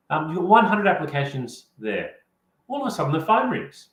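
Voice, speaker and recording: A man's voice: fairly high pitch, very animated, brisk, noisy background. A man, a career coach presenting an online workshop, speaking directly and encouragingly to his audience. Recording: roomy echo.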